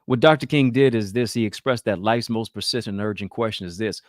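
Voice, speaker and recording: Low-voiced man preaching to his viewers. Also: fairly quick, no echo, studio quality. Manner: emphatic, preacher-like rhetoric. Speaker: talk show host. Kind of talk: motivational commentary.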